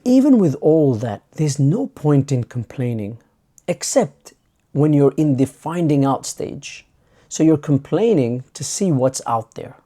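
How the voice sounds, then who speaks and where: Man, channel host, reflective monologue, conversational, dark mellow tone. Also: fairly high pitch, sing-song, unhurried. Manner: acts out imagined dialogue in a conversational way.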